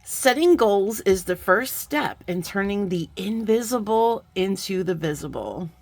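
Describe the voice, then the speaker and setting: A woman's voice: mid-range voice, unhurried, dry recording. Bubbly chatty woman unboxing beads. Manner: bubbly and excitable, chatty asides. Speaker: beading channel host. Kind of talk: casual unboxing chat.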